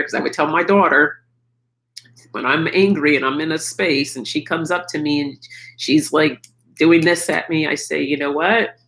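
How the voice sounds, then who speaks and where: A woman's voice: sits low, gravelly, fairly bright tone, poor audio. A middle-aged woman hosting a live chat, talking frankly and personally about her feelings and swearing freely. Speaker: livestream host.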